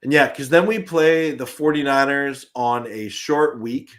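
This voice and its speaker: A man's voice: mid-range voice, measured pace. A young man hosting a live fan stream in casual chat, reading viewer comments aloud, chuckling often and restarting his sentences.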